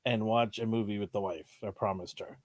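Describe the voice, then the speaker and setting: A man's voice: on the low side, fairly even intonation, brisk, dry recording. A man co-hosting a casual podcast, talking about a TV episode with playful jokes and vivid exaggeration. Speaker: podcast co-host. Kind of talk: casual chat reviewing a TV episode.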